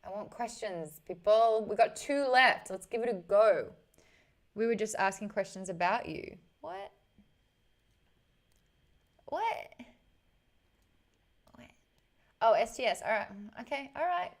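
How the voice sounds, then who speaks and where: A woman's voice: a little high, lively intonation, takes it slowly, pauses often. A young adult woman, chatting casually with viewers on a live stream, greeting the chat and laughing often.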